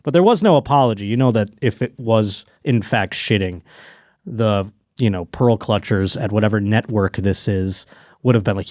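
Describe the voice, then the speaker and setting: Animated, swearing podcast host man. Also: lowish voice, normal speed, dry recording, studio quality. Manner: animated, profane, jumps into mock voices. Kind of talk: solo comedic podcast riffing.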